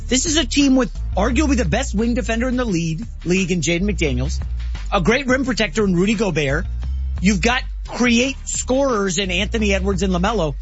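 Male sports show co-host, chatty, high voice, lively pitch, slightly dull audio. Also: brisk, soft background music. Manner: chatty, animated, with laughs. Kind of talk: sports talk banter.

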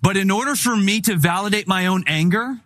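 A middle-aged man preaching a sermon in a conversational, humorous style, telling animated stories. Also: high voice, a little fast. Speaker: pastor.

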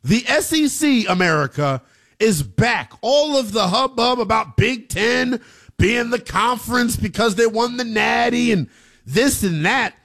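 A man hosting a sports talk radio show, emphatic and slangy, with an excitable delivery. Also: very high-pitched, a little slow, vocal fry.

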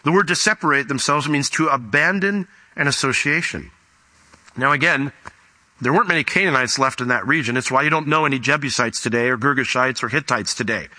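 A man preaching a sermon as pastor, reading scripture aloud and explaining it, often rising in pitch for emphasis. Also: fairly quick. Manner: animated, rises sharply in pitch for emphasis.

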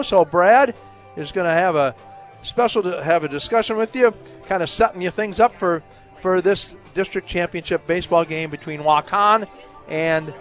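A man announcing a baseball pregame show on the radio, loose and informal. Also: high-pitched. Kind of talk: broadcast announcing.

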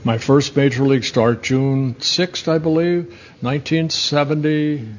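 A man's voice: mid-range voice, a little slow, dull audio. Older man telling baseball stories. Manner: rambling, self-correcting, chuckles at his own stories. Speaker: former pitcher and guest. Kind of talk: casual interview storytelling.

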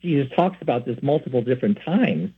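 Here the same kind of host, a San Francisco man with a Catholic program, talks quickly in an expressive, medium-pitched voice with a breathy edge. He rambles earnestly through spoken teaching and personal anecdotes, dropping in many asides, over thin, phone-like audio.

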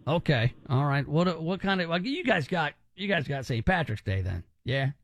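A man's voice: a little high, very animated, moderate pace, no echo. A male radio host running a call-in game, teasing and bantering with energy.

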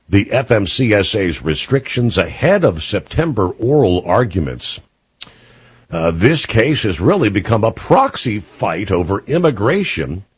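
Husky low-voiced radio host. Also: male voice, dry recording. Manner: folksy, conversational, with filler "uh". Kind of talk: call-in radio talk.

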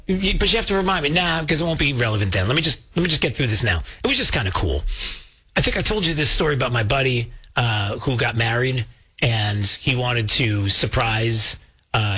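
A man hosting a talk show, telling a story casually and jumping high in pitch when he quotes people. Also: pushed and bright, slightly rough. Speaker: show host.

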